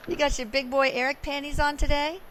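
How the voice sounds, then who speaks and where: A woman's voice: high voice, little pitch movement, brisk, a bit bright, slight background noise. Woman host with brief affirmations. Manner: brief affirmations, playful follow-up questions. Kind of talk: casual interview.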